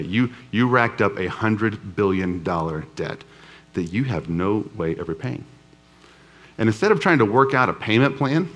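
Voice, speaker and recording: Low-voiced pastor, conversational. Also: male voice, a bit bright. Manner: conversational storytelling with humor. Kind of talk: sermon. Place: church before a live congregation.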